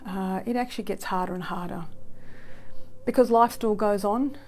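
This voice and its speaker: A middle-aged woman giving emotional interview testimony, speaking softly and haltingly with many pauses. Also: mid-range voice, a little hiss or hum. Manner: soft-spoken, halting, many fillers. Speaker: grieving mother interviewed.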